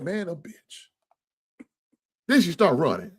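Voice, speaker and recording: A man's voice: big pitch swings, unhurried, long pauses, breathy edge. Profane, preachy male sports-talk host. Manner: preachy, profane, swings from low grumble to high outraged shouts. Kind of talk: casual commentary on a video.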